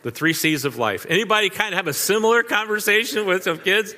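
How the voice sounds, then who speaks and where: A man's voice: high voice, quick pace, bright, forceful tone, in a large hall. An older man preaching a sermon, telling folksy family stories in a conversational way and turning to the audience with asides. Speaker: pastor. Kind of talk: storytelling sermon.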